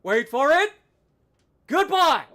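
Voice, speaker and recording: High-pitched, with big pitch swings and a pushed, bright tone, this livestreamer takes it slowly during live gameplay commentary. Furious at his teammates, he swears nonstop, drips sarcasm and keeps talking to the chat.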